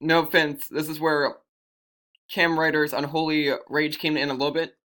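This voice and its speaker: A man's voice: a little high, little pitch movement, normal speed, sharp tone. A man telling an improvised fantasy story in a rambling way, often correcting himself as he goes.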